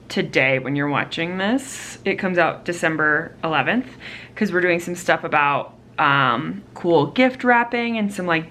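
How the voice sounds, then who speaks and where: A young woman chats her way through a casual vlog, her voice sitting fairly low. She rambles with plenty of fillers and restarts. A faint hiss runs under the recording. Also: a bit bright. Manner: chatty, rambling, lots of fillers. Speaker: vlogger and teacher.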